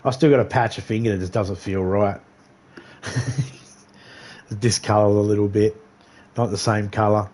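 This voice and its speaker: A man's voice: lowish voice, steady tone, normal speed, long pauses, darkish tone. A man on a game livestream casually telling a rambling, profane story and laughing often. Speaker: livestream gamer.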